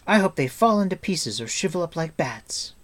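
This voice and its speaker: A man voicing a spirited, sharp-tongued young girl who speaks in a raised, quick, indignant way. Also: fairly high pitch, big pitch swings, pitched above the performer's own voice. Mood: discouraged.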